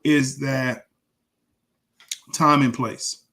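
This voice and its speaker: A man with a middle-pitched, everyday voice chats as a sports podcast co-host. He keeps things easygoing and conversational, chiming in often and acting out what people said. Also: fairly even intonation, very slow, bright, forceful tone. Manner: conversational, frequent agreeing backchannels, acts out quotes. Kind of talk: casual sports podcast talk.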